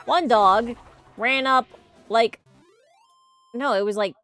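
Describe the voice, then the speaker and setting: A woman's voice: medium pitch, animated, slow, pauses often, a bit bright, faint music behind. A young adult woman streaming a game live, chatting casually, laughing often and telling rambling stories. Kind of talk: casual live gameplay commentary.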